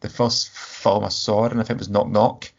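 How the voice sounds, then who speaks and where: A man's voice: fairly low pitch, flat delivery, normal speed, gravelly, a little hiss or hum. A man co-hosting a podcast, chatting enthusiastically about a film and acting out his own reactions. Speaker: podcast co-host. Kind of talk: casual film review chat. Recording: dull lo-fi sound.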